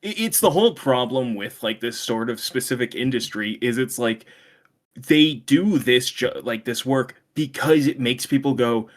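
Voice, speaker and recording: A man's voice: medium pitch, lively intonation, moderate pace. A young man co-hosting a podcast in casual chat, rambling, laughing often and swearing freely. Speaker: podcast co-host.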